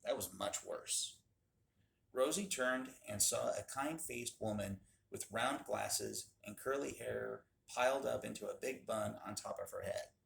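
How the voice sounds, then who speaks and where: A man reading a children's story aloud in a steady, expressive way, in an echoey room. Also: fairly low pitch, measured pace, gravelly, hardly any pauses. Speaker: club member reading aloud. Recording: echoey room with faint hum.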